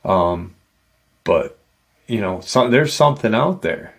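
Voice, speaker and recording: A man's voice: on the low side, expressive, slow, creaky, slightly rough. A man hosting a paranormal channel, casually retelling an encounter story in a rambling way with many "you know" asides.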